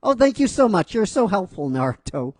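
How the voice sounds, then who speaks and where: A man's voice: sits high, big pitch swings, a little fast, darkish tone, no room sound, clean studio sound, pitched above the performer's own voice. A man voicing a young woman ninja who sweetly coaxes someone into helping her. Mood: sweet coaxing. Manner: sugary, pleading requests.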